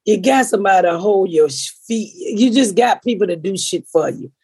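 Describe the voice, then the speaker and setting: Husky, foul-mouthed woman telling stories. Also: mid-range voice, moderate pace, dry recording. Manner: profane, storytelling with animated quoted voices. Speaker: podcast host. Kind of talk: casual chat.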